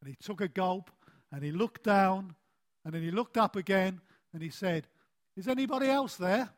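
A man preaching a sermon in a deliberate way, with emphatic phrases that fall soft at the end and a lively, climbing voice for stories. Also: high voice. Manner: animated storytelling with a rising voice.

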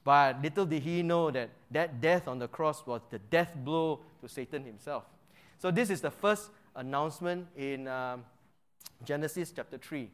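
A man with a notably high-pitched voice leads an interactive Bible lesson. He keeps asking his listeners questions and checking in with them. He repeats key phrases to drive his points home. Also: moderate pace, smooth. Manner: quizzes the audience with frequent "right?" checks. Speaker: Bible teacher.

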